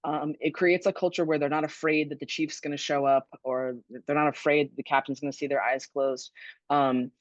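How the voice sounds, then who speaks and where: A former fire battalion chief speaks as a webinar guest in a low-sitting voice with flat delivery, a little fast. Earnest and conversational, she answers questions with many ums and restarts, and the lo-fi webinar audio is dull and dry.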